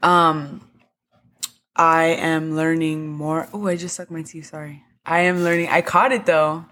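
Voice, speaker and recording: A woman's voice: sits low, level tone, measured pace, a bit bright. A woman co-hosting a podcast in a casual chat, earnest and encouraging. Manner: earnest, encouraging, agrees often. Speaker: podcast co-host.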